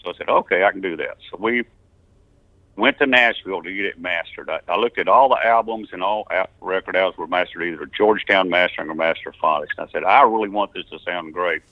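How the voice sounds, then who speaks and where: A man's voice: sits low, fast, no room sound. An older man from Texas telling rambling stories with chuckles and restarts in a casual interview. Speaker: musician telling his story. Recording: tinny phone-line interview.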